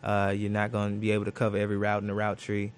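Man, football cornerback, studio interview, low voice, flat delivery, fillers and restarts. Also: rapid-fire, slight background noise. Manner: thoughtful, uses many fillers and restarts. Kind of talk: interview answers.

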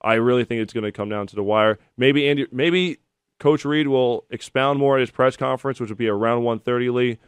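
Male sports radio host, smooth resonant voice, dry studio sound, chatty storytelling. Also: medium pitch, fairly quick, dry recording. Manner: chatty, storytelling, animated when telling anecdotes. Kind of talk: sports call-in radio talk. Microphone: studio microphone.

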